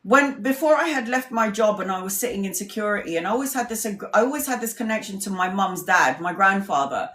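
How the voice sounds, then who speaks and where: A woman's voice: mid-range voice, animated, fairly quick, hardly any pauses, fairly bright tone, a little hiss or hum. A woman, a tarot reader telling a personal story in a casual, chatty way, laughing often and swearing freely. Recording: roomy echo.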